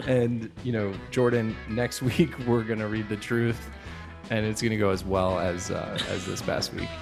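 A man in his thirties with a very deep, gravelly voice chats casually as a podcast co-host. He rambles easily, trailing through fillers. Faint guitar music plays underneath. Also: fairly even intonation, moderate pace. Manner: laid-back, rambling with many fillers.

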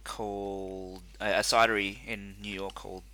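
A man co-hosting a casual chat, rambling and animated with lots of fillers. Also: fairly low pitch, moderate pace. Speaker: podcast co-host.

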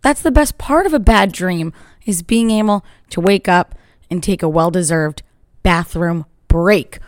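A woman's voice: fairly low pitch, measured pace, no echo. A woman hosting her own podcast, talking from a chair at home in a chatty, upbeat and rambling way. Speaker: podcast host. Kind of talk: casual solo podcast monologue. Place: at home in a chair by a sunny window.

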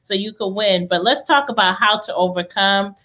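A woman's voice: medium pitch, moderate pace, pushed and bright. A young woman hosting a podcast, chatting eagerly about faith and business with lots of restarts. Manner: enthusiastic, faith-filled, rambling with restarts. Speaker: podcast host. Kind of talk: casual live-stream chat.

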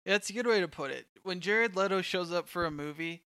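A man co-hosting a podcast, talking through a film in a relaxed, thoughtful way with plenty of "like" fillers. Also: high voice, brisk, clean tone, no room sound, clean studio sound. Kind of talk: casual movie discussion.

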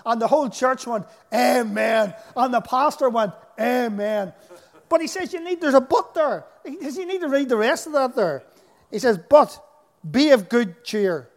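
A man's voice: very high-pitched, expressive, brisk. A man with a Northern Irish accent preaching a sermon, telling stories with emphatic delivery. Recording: echoey hall.

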